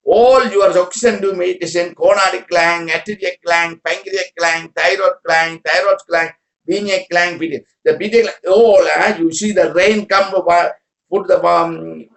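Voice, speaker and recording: Man, high-pitched, spiritual teacher, broken rambling English, echoey room. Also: vocal fry. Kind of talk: spiritual talk to a group.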